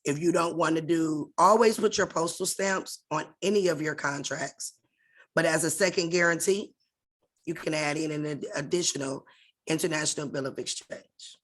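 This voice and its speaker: A woman's voice: sits low, normal speed. A woman leading an online class over a video call, in a casual and direct instructional tone that addresses her listeners familiarly.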